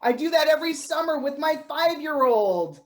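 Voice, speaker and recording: A woman's voice: high-pitched, expressive, moderate pace. A woman playing a gushing tree-hugging rally mom. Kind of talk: improv comedy scene.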